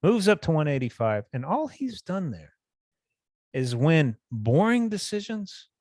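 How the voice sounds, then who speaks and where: A man's voice: on the high side, big pitch swings, unhurried, darkish tone, no room sound, clean studio sound. Blunt, cursing podcast co-host man. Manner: blunt, profane ranting. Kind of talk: casual chat.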